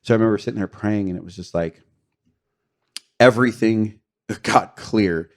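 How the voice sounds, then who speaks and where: A man's voice: fairly low pitch, normal speed. A middle-aged man telling his personal story of relapse and recovery as a podcast guest, earnest and confessional, with fillers and short laughs. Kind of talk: candid personal testimony.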